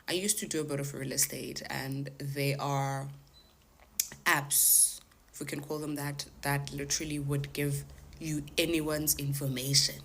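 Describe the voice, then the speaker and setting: Woman, low voice, casual storytime, animated retelling, quoted dialogue. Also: unhurried, gravelly. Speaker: TikTok storyteller.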